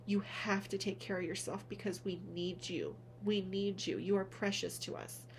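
A woman speaking gently and earnestly to her viewers in a heartfelt vlog, calling them honey as she encourages them. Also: medium pitch, fairly even intonation, normal speed, a little hiss or hum. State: tearful at moments. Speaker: spiritual vlogger, reader. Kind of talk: heartfelt direct-to-camera vlog.

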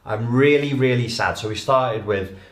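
A man giving an animated, emphatic lecture to an audience as a life coach. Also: mid-range voice, moderate pace. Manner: animated, emphatic, acts out quoted voices. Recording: echoey room.

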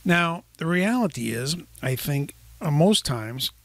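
Gravelly husky man co-hosting. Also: fairly high pitch, sing-song, a little slow, no echo. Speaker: Christian counselor and co-host. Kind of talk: conversational Bible teaching.

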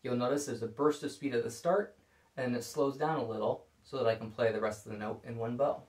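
A man calmly explaining violin bowing technique in a scripted video lesson. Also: medium pitch, fairly quick. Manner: calm, explanatory. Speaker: violin teacher. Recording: echoey room.

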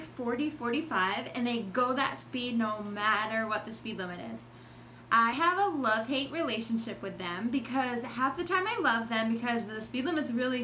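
A woman vlogger talking casually to the camera in a chatty, expressive way, acting out her own reactions as she explains an idea. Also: fairly high pitch, a little hiss or hum. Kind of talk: casual vlog monologue.

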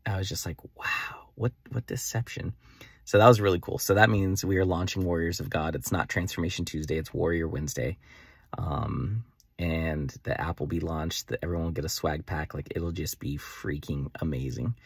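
A young man talking excitedly in a rambling daily vlog about his faith coaching plans, full of "like" fillers. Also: extremely low pitch, brisk, breathy edge, no room sound, clean studio sound. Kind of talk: enthusiastic daily vlog monologue.

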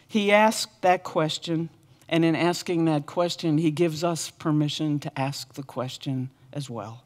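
A woman's voice: low voice, a little slow, a little mellow. A woman pastor preaching a sermon with earnest, impassioned repetition. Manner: earnest, impassioned repeated lament.

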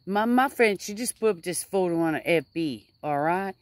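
A woman's voice: on the low side, animated, normal speed, no echo. A woman rambling casually to her camera outdoors by a fire, stretching out her words for emphasis. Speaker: vlogger.

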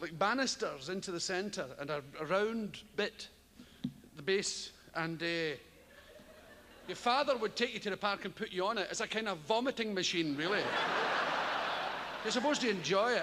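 A man's voice: bright, forceful tone, slight background noise. An older Scottish man doing a rambling, profane stand-up routine on a theatre stage. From Scotland. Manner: rambling, profane, bursts into high mocking voices. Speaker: stand-up comedian. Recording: live theatre recording with hall reverb. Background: audience laughter.

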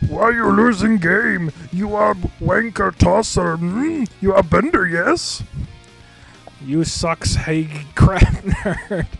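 A man's voice: high voice, expressive, slow pace, vocal fry, fairly bright tone, husky, faint music behind, pitched above the performer's own voice, heavily acted. A man voicing an angry, whiny male gamer who insults his opponent in broken English. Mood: taunting.

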